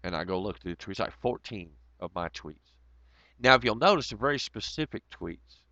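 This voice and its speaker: A man rambles and swears through a casual livestream rant, laughing often. His voice is bright and forceful. The audio is dry and a bit muffled, like lo-fi stream sound. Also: fairly low pitch, expressive, moderate pace, no room sound.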